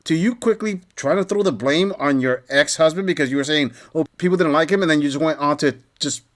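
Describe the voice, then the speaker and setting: A man's voice: on the high side, fairly quick, fairly bright tone. A man hosting a reaction commentary, sarcastic, blunt and lecturing. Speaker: commentary channel host.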